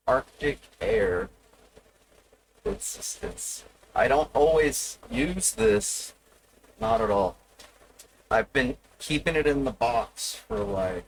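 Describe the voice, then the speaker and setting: A man's voice: a little high, gravelly, slight background noise, poor audio. A man streaming live, rambling and profane as he teases his viewers. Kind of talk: casual live stream chat.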